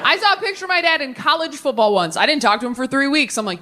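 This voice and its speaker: A woman in her thirties performing a stand-up comedy set on a theater stage, telling deadpan stories with quick voiced asides into a handheld mic. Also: high voice, heavy background noise. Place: theater stage before a live audience.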